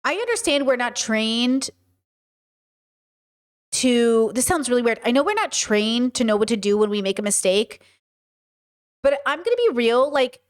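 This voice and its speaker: A woman hosting a commentary video, talking frankly and casually, with restarts and rhetorical questions. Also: sits high. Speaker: commentary host. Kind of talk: casual commentary reacting to a clip.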